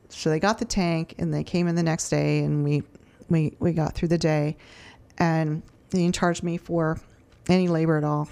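A woman's voice: low-pitched, gravelly, a little mellow. A woman who runs a food charity, telling a faith story in casual, earnest talk with many restarts. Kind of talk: casual testimony.

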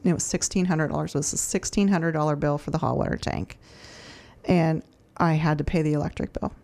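A woman's voice: low voice, fairly even intonation, brisk, vocal fry, a little mellow. A woman who runs a food charity, telling a faith story in casual, earnest talk with many restarts. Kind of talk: casual testimony.

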